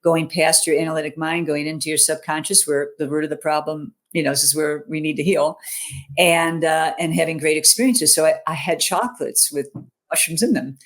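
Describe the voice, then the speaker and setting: A woman's voice: deep voice, fairly even intonation, a little fast. A middle-aged woman, a mental fitness coach, telling a personal story in an online interview. She speaks earnestly and keeps checking in with "you know", "okay?" and "right?".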